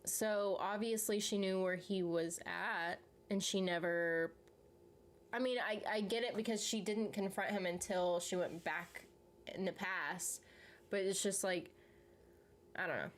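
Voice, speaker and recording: Animated woman ranting about TV finales. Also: medium pitch, a little slow, a little hiss or hum. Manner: animated, swears freely, laughs often. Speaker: show host reacting to viewer comments. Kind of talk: casual chat.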